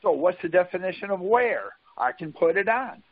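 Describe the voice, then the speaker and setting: A man's voice: sits high, expressive, normal speed, no echo, phone-quality sound. A man on a conference call giving a casual, folksy talk and often asking "see?" to check that his listener follows.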